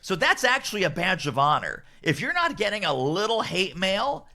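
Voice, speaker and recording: A middle-aged man, an author and business strategist, telling stories in a podcast conversation, acting out quotes and laughing often. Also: moderate pace. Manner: lively, acts out quotes with big pitch jumps, laughs often. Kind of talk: animated storytelling in podcast chat.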